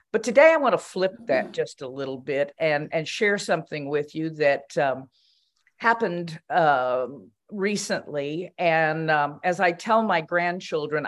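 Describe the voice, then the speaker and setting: An older woman with a somewhat low voice shares a reflection at a commission meeting. She tells it as a relaxed story, with fillers and small restarts along the way. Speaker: commission member.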